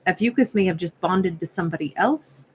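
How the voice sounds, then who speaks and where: Brisk and low-voiced, this tarot reader keeps her reading casual and chatty, constantly cutting herself off to restart and voicing pretend conversations as she muses. It's a rough recording with some hiss or hum.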